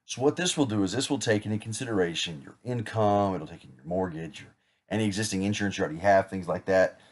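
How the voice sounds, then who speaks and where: A man's voice: sits low, quick pace. A man acting as an insurance agent in a practice sales role-play, talking casually with small jokes and self-corrections. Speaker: insurance agent rehearsing a client pitch.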